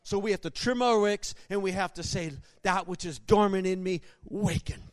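A man preaching a sermon, telling stories with emphasis and bursting into shouts. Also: high voice, moderate pace, no room sound.

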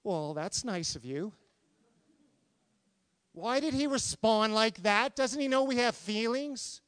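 A man with a high, crisp voice preaches a sermon. He reads scripture and keeps asking his listeners questions, acting out the quotes with animated emphasis. The sound is close and dry. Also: slow pace, no room sound. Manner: animated, talks to congregation with questions, acts out quotes. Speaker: pastor.

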